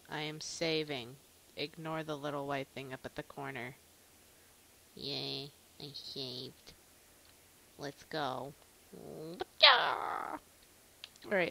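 A woman's voice: low-pitched, animated, slow pace, vocal fry, pauses often, sharp tone. A young woman giving rambling, goofy commentary while playing a video game. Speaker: let's play gamer.

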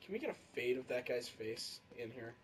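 A man commentating his gameplay in casual banter, excitable, swearing loudly and bursting into shouts and laughter. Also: medium pitch, a little fast. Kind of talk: casual let's-play banter.

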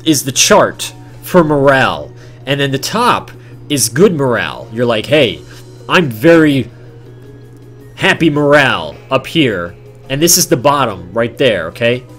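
Male streamer, overdramatic and exasperated, slow unhurried delivery with a very lively pitch and faint game music underneath. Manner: theatrically exasperated, swinging between mock despair and outbursts. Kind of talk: live gameplay commentary.

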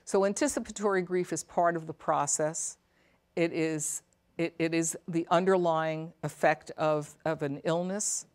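A woman's voice: sits low, steady tone, measured pace, a little mellow. A middle-aged woman, a psychotherapist and elder care coach, speaking earnestly and reflectively to an audience of caregivers and asking them questions. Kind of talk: talk to a caregivers' support audience.

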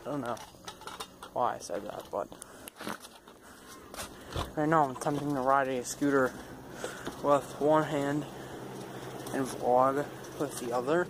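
A man's voice: medium pitch, takes it slowly, pauses often. A young man vlogging casually while holding his phone, rambling and laughing at himself. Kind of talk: casual vlog. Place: outdoors. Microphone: phone held in hand. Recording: noisy outdoor phone recording.

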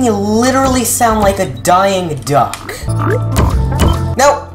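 A man doing casual gameplay commentary, rambling with self-mocking asides and sudden shouted outbursts. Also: sits high, slow pace. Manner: excitable, jumps from mutters to shouted outbursts. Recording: game music playing underneath. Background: game music.

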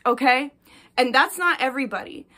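Woman, young adult, ranting vlog, blunt, heated, swearing, high pitch. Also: moderate pace, bright, forceful tone. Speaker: spiritual reader and shop owner.

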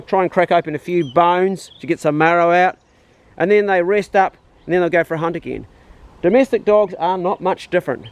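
A man training his dog outdoors on rural land, chatting and explaining as he goes, with high-pitched calls and praise for the dog. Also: no echo, poor audio. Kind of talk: casual outdoor training demo.

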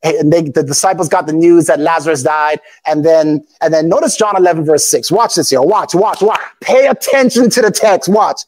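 A male pastor preaching a sermon, calling out to his congregation, breaking into shouts, and reading scripture aloud in old formal English. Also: on the high side, moderate pace, few pauses. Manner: call-and-response preaching, often bursts into shouts.

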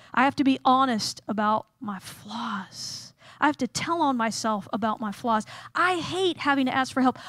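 A woman's voice: high-pitched, fairly bright tone, dry recording, clean studio sound. A woman giving a humorous chapel sermon, telling self-deprecating stories and acting out scenes. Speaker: chapel speaker.

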